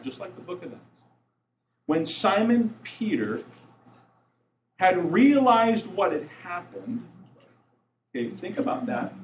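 A man's voice: mid-range voice, slight background noise. A man preaching a sermon as pastor, talking plainly and asking the congregation questions. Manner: conversational, asks the congregation questions; grows louder and more urgent toward the end. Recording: echoey room, mic from a distance.

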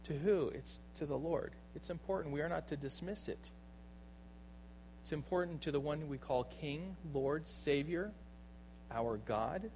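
A man preaching a sermon as pastor, emphatic and full of rhetorical questions, often checking in with his listeners by asking "right?". He swings between loud bursts and soft, low asides. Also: a little slow, a little hiss or hum, poor audio.

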